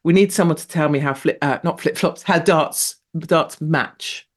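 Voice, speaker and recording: At a moderate pace, a woman hosts a show with a loose, rambling monologue. Frequent laughter punctuates it, and she emphasizes points with sudden sharp leaps in pitch.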